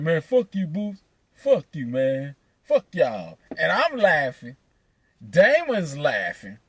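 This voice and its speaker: A man telling a profane, animated story, laughing between lines. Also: a little high, dry recording. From Atlanta, USA. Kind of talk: casual storytelling.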